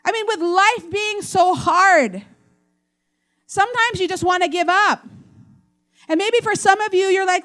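A woman pastor preaching a sermon in an animated way, acting out quoted voices. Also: extremely high pitch, a little slow, long pauses.

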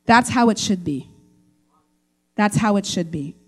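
A woman pastor preaching a sermon in an animated way, acting out quoted voices. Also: medium pitch, measured pace, slightly rough.

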